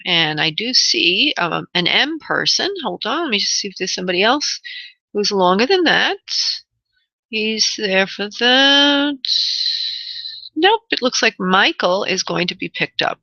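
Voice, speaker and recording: A woman hosting a call-in radio show as a spirit medium. She talks soothingly, calls callers honey and love, and pauses to tune in as she reads. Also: medium pitch, big pitch swings, gravelly, pushed and bright, no echo, lo-fi sound. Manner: thinks aloud, pauses to tune in.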